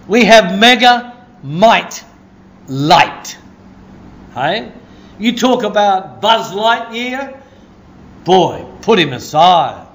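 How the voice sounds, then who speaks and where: A man preaching a sermon in a church, excitable and conversational, often asking "Hey?" and laughing. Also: high-pitched, extremely slow, long pauses. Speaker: pastor.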